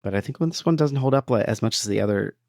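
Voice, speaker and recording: A man's voice: lowish voice, expressive, fast, darkish tone, no echo, studio quality. A man co-hosting a podcast in casual, jokey chat, laughing often. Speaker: podcast co-host.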